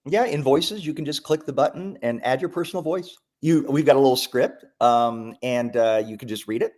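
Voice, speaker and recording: A man presenting a live software demo, talking enthusiastically, with lots of ums and restarts. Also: medium pitch, normal speed. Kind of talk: live product demo talk.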